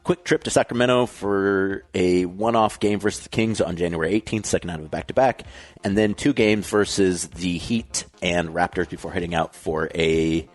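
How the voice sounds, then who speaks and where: A man's voice: sits low, steady tone, normal speed. A man co-hosting a sports podcast, talking in an easygoing, teasing, self-deprecating way and reading the schedule and sponsor lines. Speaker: podcast co-host. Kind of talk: casual chat, reads sponsor and schedule.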